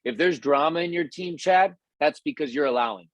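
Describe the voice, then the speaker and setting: A man's voice: a little fast, no echo. Man giving a rambling, casual pep talk. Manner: loose and rambling, with many restarts and fillers; acts out quoted voices in a higher, louder pitch. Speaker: company leader giving a motivational talk.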